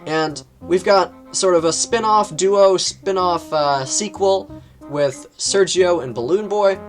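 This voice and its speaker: A man casually reviewing books on his channel, rambling, with lots of fillers and quick jumps in pitch. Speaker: book reviewer.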